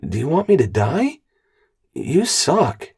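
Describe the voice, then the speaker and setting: A man's voice: big pitch swings, slow pace, a little mellow, breathy edge, full character voice. A man voicing a nervous young male soldier who whines and pleads. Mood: whiny. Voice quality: higher, pleading, whiny.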